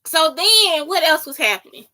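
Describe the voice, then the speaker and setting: A woman delivers a casual solo podcast monologue in a high, bright voice. She is heated and profane and keeps turning to her listeners to ask whether they understand. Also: very animated, moderate pace. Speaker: podcast host.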